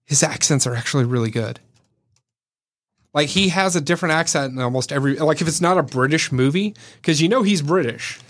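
A man's voice: a little high, brisk. A man co-hosting a podcast, chatting casually about movies with jokes and loose tangents. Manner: joking, rambling movie talk. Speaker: podcast co-host. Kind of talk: casual chat.

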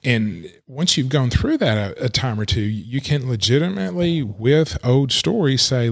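A man's voice: mid-range voice, animated, normal speed, creaky, few pauses. A middle-aged man, an attorney and coach, talking through cases in a casual podcast monologue and checking in with "okay.". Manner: conversational, repeats "okay" to check in; acts out quoted callers and caseworkers. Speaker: elder law coach and attorney.

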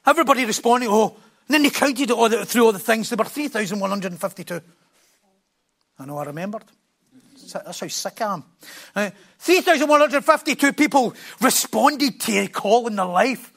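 A man preaching a sermon from a church platform, passionate, swinging between quiet asides and loud, emphatic bursts. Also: very high-pitched, animated, brisk.

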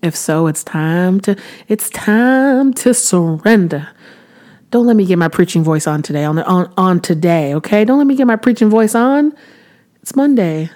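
Her voice is deep and dark in tone as this thirty-something Christian vlogger shares devotional encouragement on camera. The talk is casual, earnest and chatty, full of restarts and abrupt bursts of preacher-like emphasis.

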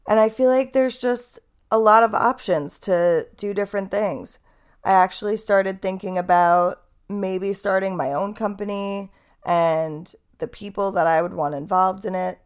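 A woman's voice: lowish voice, vocal fry. A young woman hosting a podcast, telling a story in a chatty, candid way with casual swearing. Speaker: podcast host.

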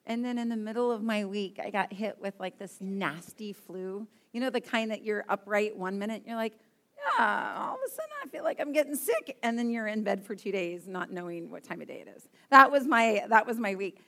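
Young woman preaching casually at church, chatty, pokes fun at herself, middle pitch. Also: a little fast, hardly any pauses, pushed and bright. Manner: chatty, emotional, self-deprecating storytelling. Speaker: guest preacher. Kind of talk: casual sermon to a congregation. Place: church sanctuary.

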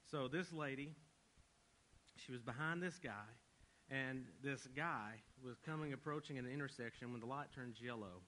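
Male pastor, mid-pitched, relaxed storyteller, light humor, earnest questions, faint hiss behind. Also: moderate pace, rough recording. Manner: casual joking storytelling, then earnest rhetorical questions. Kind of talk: sermon.

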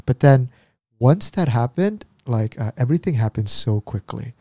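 Mellow-voiced man telling a story. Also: medium pitch, moderate pace, slightly rough, no echo, clean studio sound. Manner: animated retelling with quoted voices. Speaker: podcast co-host. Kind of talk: casual storytelling chat.

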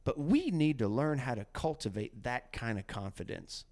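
Man, podcast host, casual faith talk, preachy, acts out quotes, very lively pitch. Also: moderate pace. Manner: animated and preachy, breaks into acted-out quotes.

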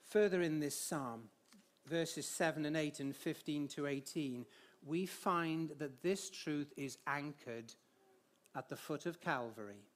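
A man preaching a sermon, reading scripture aloud and building to emphatic, expressive phrases. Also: a little high, unhurried. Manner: light humor with the congregation, sings hymn lines.

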